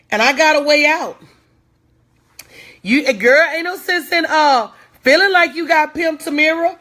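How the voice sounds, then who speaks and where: A high-voiced woman preaching a live-stream motivational talk. She repeats her lines like a sermon and pushes viewers to answer back. Her phrasing stays loose and folksy, and she greets people by name mid-flow. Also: measured pace, a bit bright. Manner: repetitive, preachy, urges viewers to respond. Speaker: motivational speaker.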